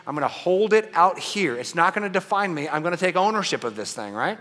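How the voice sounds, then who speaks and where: Bright-voiced male pastor in a reverberant hall. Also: sits high, animated, a little fast. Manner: conversational, frequent "right?" asides, wide swings from loud to hushed. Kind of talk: sermon.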